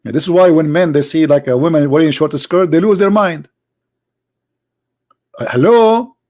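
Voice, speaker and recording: Man, fairly high voice, sarcastic, mocking, live debate host. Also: normal speed, a little mellow.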